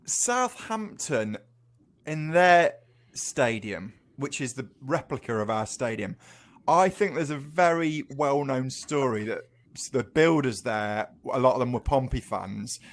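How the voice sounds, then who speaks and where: A man's voice: mid-range voice, lively intonation, measured pace. An English man co-hosting a casual pub-style podcast, reasoning out his guesses and teasing his friends. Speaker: podcast co-host.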